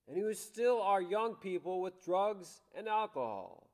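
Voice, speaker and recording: A man preaching a sermon with passion, moving between loud declarations and hushed, soft lines. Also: a little high. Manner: impassioned, dramatic swings between loud and hushed. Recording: long hall reverb.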